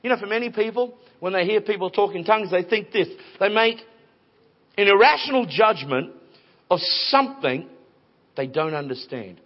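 A man preaching a sermon in a conversational, animated storytelling way with playful voices. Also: high-pitched, moderate pace. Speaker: pastor. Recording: dull lo-fi recording.

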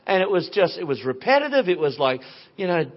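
A man preaching a sermon in a conversational, animated storytelling way with playful voices. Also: high-pitched, brisk. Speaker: pastor. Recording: dull lo-fi recording.

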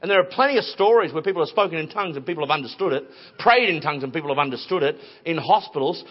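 Aussie pastor guy, high voice, chatty animated sermon, kinda dull lo-fi sound. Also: rapid-fire. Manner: conversational, animated storytelling with playful voices. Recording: dull lo-fi recording.

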